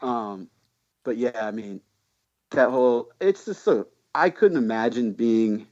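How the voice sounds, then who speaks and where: A man's voice: medium pitch, measured pace, darkish tone, muffled recording. Slangy, swearing man telling a story. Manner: slangy, swears a lot, rambling with many fillers. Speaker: podcast guest. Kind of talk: casual storytelling chat.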